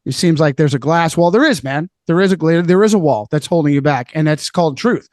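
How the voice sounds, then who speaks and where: A man's voice: a little high, lively intonation, brisk, a little mellow, no echo. A man speaking as a podcast guest, emphatic and preachy, hammering his points by repeating phrases in casual chat.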